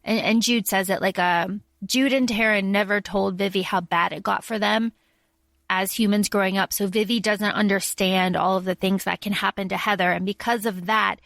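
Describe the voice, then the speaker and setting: A woman's voice: medium pitch, fairly even intonation, normal speed, vocal fry, a bit bright, no echo. A woman co-hosting a podcast, explaining points with examples in casual chat. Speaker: podcast co-host.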